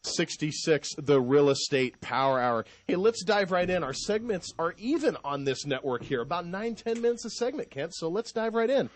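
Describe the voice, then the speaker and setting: A man hosting a live call-in radio show, upbeat and jokey, trading quick banter in a studio. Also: sits high, expressive.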